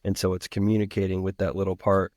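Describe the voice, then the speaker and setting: A man's voice: low-pitched, completely flat delivery, quick pace, a little mellow, no room sound, studio quality. A man hosting a podcast, carefully restating his guest's points to check he understands. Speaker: podcast host. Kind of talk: interview conversation.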